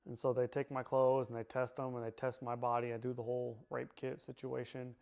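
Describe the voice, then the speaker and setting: A man tells his own story in steady, even tones with little rise or fall. His speech is halting, with restarts, repeated phrases and frequent fillers as he works through what happened, and it sounds like a personal testimony. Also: medium pitch, vocal fry.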